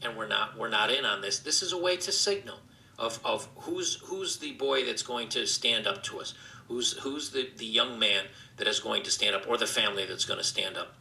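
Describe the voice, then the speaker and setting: A man delivering an earnest monologue with a gravelly fry and a very bright, tense tone. He stumbles and restarts his phrases often. The room around him adds a clear echo. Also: medium pitch, a little hiss or hum. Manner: earnest, halting with frequent restarts. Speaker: video commentator being reviewed. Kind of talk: opinion monologue.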